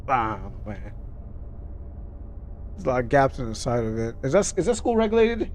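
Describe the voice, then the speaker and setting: A man's voice: mid-range voice, big pitch swings, moderate pace, long pauses, a little mellow. Stumbling young male game streamer. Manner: stumbling, restarting words while reading aloud. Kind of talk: casual gameplay commentary, reading game text aloud.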